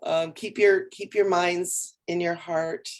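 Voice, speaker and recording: A woman with a low-pitched voice co-hosts a spiritual livestream from home. She talks in a relaxed, rambling, playful way and sounds a little tired. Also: slow. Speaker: co-host. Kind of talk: casual spiritual chat on a livestream.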